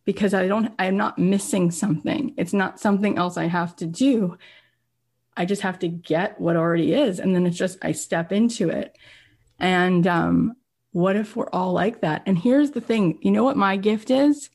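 A woman hosting a podcast, giving an emphatic, animated motivational talk and often checking in with her listeners. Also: medium pitch, normal speed, husky. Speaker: podcast host.

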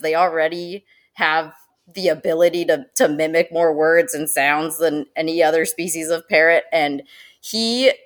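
A woman who manages zoo education, guesting on a podcast, talking in a lively way and laughing often. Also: deep voice. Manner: animated and chatty, laughs often, uses many fillers. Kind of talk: casual podcast interview.

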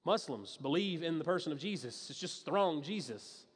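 A man's voice: a little high, expressive, moderate pace, breathy edge. A man preaching a sermon as a pastor, talking in a conversational and emphatic way, with frequent restarts and asides. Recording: long reverb of a large hall.

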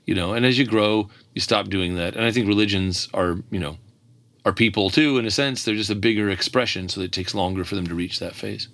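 Low-voiced man telling a story, dry sound. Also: steady tone, fast talker, fairly bright tone, no echo. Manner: reflective, lightly acts out quoted voices. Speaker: podcast co-host. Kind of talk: casual conversation, telling a joke as a story.

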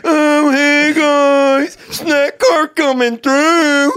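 A man's voice: very high-pitched, little pitch movement, drawn-out words, fairly bright tone, dry recording, studio quality, voice pushed up, full character voice. A man voicing a goofy, cheerful character who laughs through his lines. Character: goofy cheerful man, train wreck survivor.

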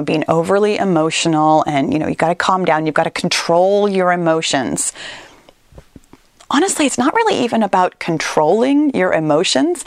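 An earnest woman speaks straight to her listeners in a motivational solo talk. Her pitch swings widely as she leans on and stretches out the words she wants to stress. The sound is dry and close, with no room echo. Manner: earnest and emphatic, with animated pitch leaps and drawn-out stressed words.

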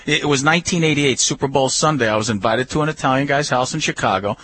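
A man hosting a radio talk show, telling a lively story and acting out what people said. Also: medium pitch, quick pace, slightly rough. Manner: animated storyteller, acts out quotes.

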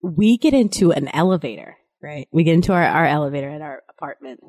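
Woman, thirties, co-host, lowish voice, dry close sound, playful quick storyteller. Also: expressive, a little mellow, no echo. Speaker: podcast co-host. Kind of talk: casual chat.

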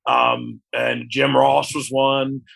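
Man, interview guest, heavy gravel in the voice, frank, reflective, conversational. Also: mid-range voice, little pitch movement, takes it slowly, fairly bright tone. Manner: frank and reflective, often asks "you know what I mean?". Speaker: interview guest, former wrestler.

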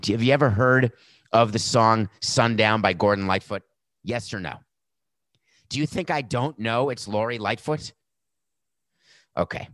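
A man's voice: fairly low pitch, fairly bright tone, dry recording. A middle-aged man hosting a podcast, giving blunt, sarcastic opinion commentary. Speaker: podcast host.

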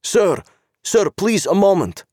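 A man's voice: high-pitched, lively intonation, a little mellow, no echo, studio quality, voice pushed up, heavily acted. Man putting on a polite, insistent policeman. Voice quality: halting broken English. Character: Czech male policeman, polite but insistent.

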